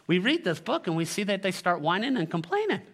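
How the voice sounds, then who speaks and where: A male pastor preaching a sermon, animated and joking, with sarcastic asides, reading scripture aloud and leading the congregation. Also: sits high, fairly quick, breathy edge.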